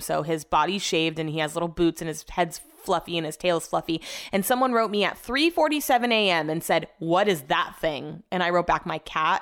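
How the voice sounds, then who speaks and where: Chatty woman with a low voice. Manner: chatty and candid, with casual swearing. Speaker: podcast host. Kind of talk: casual solo podcast chat.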